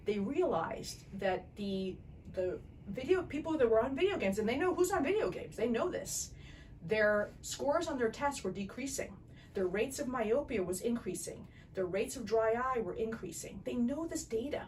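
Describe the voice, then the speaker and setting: A woman's voice: a little high, animated, darkish tone, distant mic, a little hiss or hum, poor audio. A woman eye doctor hosting a casual podcast interview, talking in a chatty, rambling way and laughing easily. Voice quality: chatty, digressive, quick to laugh.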